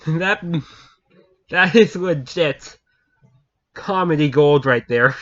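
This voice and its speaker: Speaking slowly in a slightly high, fairly bright voice, a channel host relates a humorous story to viewers in a relaxed chat. Laughter keeps interrupting him and he repeats himself, all on a dull lo-fi recording.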